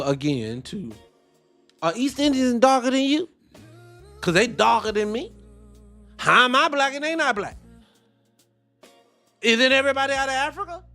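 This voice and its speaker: A man's voice: very high voice, pushed and bright. A man giving heated, profane reaction commentary, firing off rhetorical questions.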